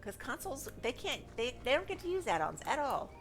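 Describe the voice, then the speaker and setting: A woman's voice: high-pitched, big pitch swings, fairly quick, a bit bright. A woman game streamer chatting casually at home, rambling along with asides to her pet, her voice a little stuffed up from allergies. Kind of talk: casual chat while gaming.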